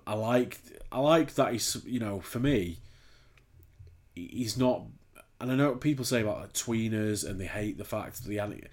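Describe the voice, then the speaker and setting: A man's voice: fairly low pitch, darkish tone. A man co-hosting a podcast, rambling and swearing in casual chat. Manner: sweary, rambling, laughs easily. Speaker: podcast co-host.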